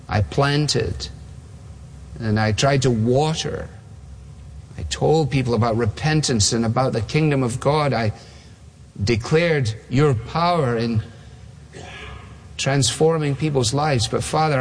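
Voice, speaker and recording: A preacher voicing Jesus in quiet prayer. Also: male voice, medium pitch, slight background noise, close to an everyday voice. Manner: slow, halting, earnest. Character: Jesus praying alone, calm and earnest.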